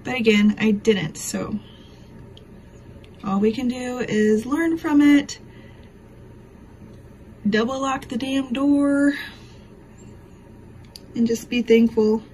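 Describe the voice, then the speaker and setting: Casual woman vlogger, slightly high voice, rambling and emotional, faint room noise behind. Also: takes it slowly, pauses often, darkish tone, low-quality recording. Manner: emotional, rambling storytelling with many fillers. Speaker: craft vlogger. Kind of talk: casual chat to camera. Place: home.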